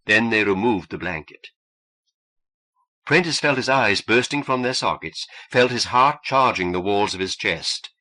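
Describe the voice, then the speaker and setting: A man reading an audiobook in a measured, expressive way. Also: fairly low pitch. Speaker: audiobook narrator.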